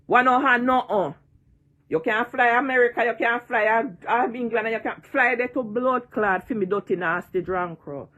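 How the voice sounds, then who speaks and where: A woman's voice: a little high, normal speed, a bit bright. A woman in her sixties with a Jamaican accent, ranting and taunting in a vlog, repeating her jeers and cursing freely. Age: 60s. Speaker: online personality.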